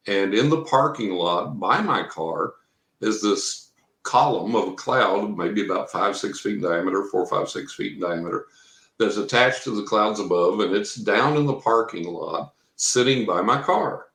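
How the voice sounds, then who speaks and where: A man's voice: lowish voice, expressive, normal speed, fairly bright tone. A man from Texas, a guest in an interview, rambling through a personal story and acting out what people said. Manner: rambling storyteller, acts out quotes. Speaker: guest, professional psychic reader. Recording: roomy echo.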